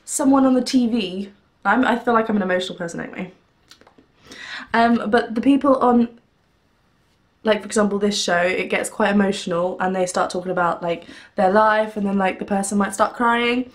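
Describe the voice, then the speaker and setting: A woman's voice: mid-range voice, moderate pace, long pauses. A young woman, a singing teacher, chatting casually to the camera at home, rambling and laughing with lots of fillers. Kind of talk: casual vlog chat.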